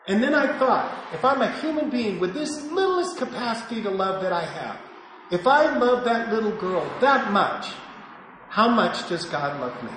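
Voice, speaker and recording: A man giving a confessional recovery testimony, acting out his own shouting and hushed prayers as he tells it. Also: high-pitched, very animated, normal speed. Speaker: recovery speaker. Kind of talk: personal testimony talk. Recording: very echoey hall with faint noise.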